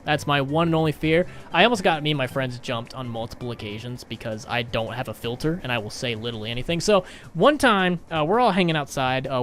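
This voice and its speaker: A young man with a slightly high voice tells a rambling, self-mocking story, joking at his own expense as he goes. The voice sits a little above the usual male range, with faint music playing behind. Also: a bit bright. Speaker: gaming YouTuber. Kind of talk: storytime over gameplay.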